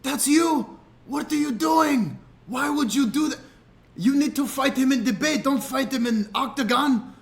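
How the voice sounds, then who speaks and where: Male performer doing a stern Dagestani-accented fighter, higher voice, slow and commanding, short broken phrases. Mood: scolding. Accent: Dagestani, in broken English. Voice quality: higher, blunt, clipped broken English. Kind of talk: impression in a story.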